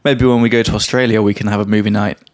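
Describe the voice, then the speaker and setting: A young man co-hosting a podcast, chatting casually and explaining English vocabulary with a relaxed, joking manner. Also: on the low side, racing. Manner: laid-back, swears casually, laughs a lot. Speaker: podcast co-host, English teacher.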